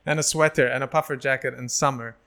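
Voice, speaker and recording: A young man from the UAE, a guest in a casual chat, telling animated stories and acting out the people in them with laughs. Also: mid-range voice, fast talker, clean tone. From United Arab Emirates. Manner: animated, acts out quoted voices, laughs often.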